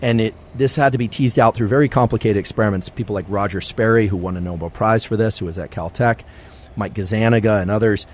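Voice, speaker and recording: A male scientist giving a calm, measured science podcast lecture. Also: on the low side, a little hiss or hum.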